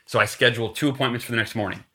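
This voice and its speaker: A man's voice: medium pitch, rapid-fire. A man telling a motivational sales story as a podcast guest, acting out the quoted lines. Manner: animated, acts out quotes, motivational.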